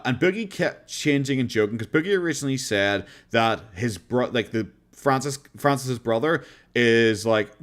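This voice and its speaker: Irish male streamer, easygoing and rambling, casual reaction-stream chat. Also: lowish voice.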